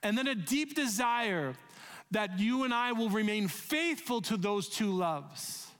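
A man preaching a sermon as pastor, earnest and conversational, easing into a soft voice when he leads a prayer. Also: high voice, lively intonation, unhurried. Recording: echoey hall, long reverb.

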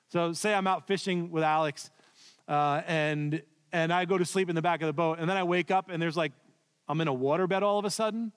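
A man preaching a sermon in a church, telling the story with swings from loud to hushed. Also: high-pitched. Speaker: pastor. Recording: long reverb of a large hall.

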